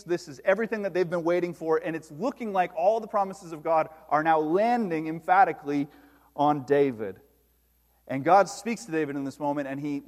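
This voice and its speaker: A man preaching a sermon, reading scripture aloud with slow emphasis and then explaining it to his congregation. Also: on the high side, darkish tone, long reverb tail. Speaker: pastor.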